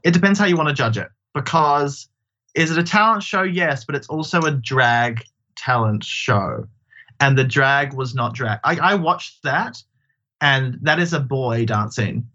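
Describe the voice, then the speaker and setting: A man who performs in drag, chatting as an interview guest in an animated, self-deprecating way. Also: mid-range voice, measured pace, highs cut off. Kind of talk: casual interview chat.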